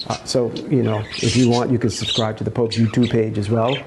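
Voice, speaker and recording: A man's voice: medium pitch, flat delivery, normal speed, hardly any pauses, darkish tone, a little hiss or hum. A male comedy host chatting casually to his parakeet and telling a joke, often checking in with "okay?".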